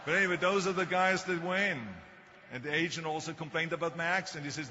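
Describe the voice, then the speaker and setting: Older guy w thick austrian german accent giving a speech, punchy and bright, dull recording w long hall reverb. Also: fairly high pitch, fairly even intonation, fast, slight background noise. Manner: storytelling with humor. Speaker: speaker. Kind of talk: motivational speech.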